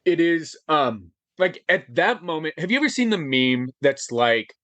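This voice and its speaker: A man's voice: fairly high pitch, a little slow, dry recording, lo-fi sound. Guy in his 40s getting emotional telling his story, like um like, dry room sound. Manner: animated, gets choked up, lots of fillers. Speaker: interview guest.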